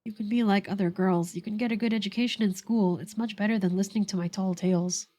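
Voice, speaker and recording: A woman's voice: medium pitch, steady tone, quick pace, mellow, natural voice. A woman voicing an earnest, remorseful young man who is an older brother, reading the lines aloud in her own voice.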